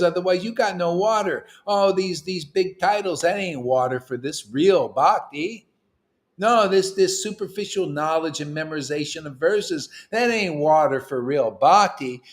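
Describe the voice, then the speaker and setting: Leading a small gathering of devotees, a man preaches informally in a loose, slangy style, teasing them with playful jokes between serious points. His emphatic voice swings in loudness and pitch, from loud bursts to quiet asides.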